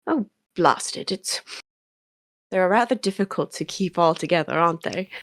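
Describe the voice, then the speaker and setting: Here is a prim older British gentleman, formal and a bit flustered, put on by a woman at a tabletop game. He speaks softly with a British accent. The sound is dry and close. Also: lowish voice, lively intonation, normal speed, no room sound. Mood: stiff, polite. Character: stiff, polite older British man.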